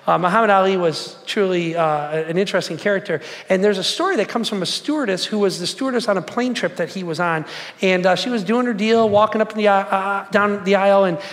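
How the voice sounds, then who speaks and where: A man's voice: sits high, fairly quick, a bit bright, big-room sound. A man in his forties preaching a sermon, casual and conversational, telling stories and asking the crowd questions. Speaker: pastor.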